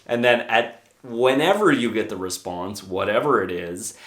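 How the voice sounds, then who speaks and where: A man's voice: on the low side, a bit bright. Man explaining dog training in a roomy space. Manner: brisk, hands-on explaining with demonstrations. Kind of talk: casual instructional talk. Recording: roomy echo.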